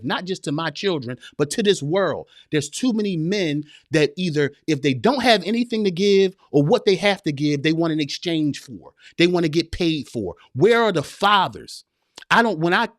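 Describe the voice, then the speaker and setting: A man's voice: fairly high pitch, dry recording, clean studio sound. A man in his forties, a men's coach, giving an impassioned motivational speech full of repetition and street slang. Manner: preachy and emphatic, repeats phrases, street slang. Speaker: men's coach and podcast guest.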